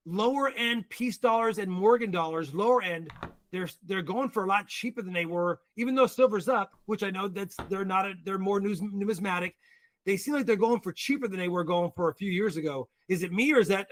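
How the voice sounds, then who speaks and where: High-voiced, animated American man. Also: a little fast. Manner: animated storyteller. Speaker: guest. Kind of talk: casual livestream chat.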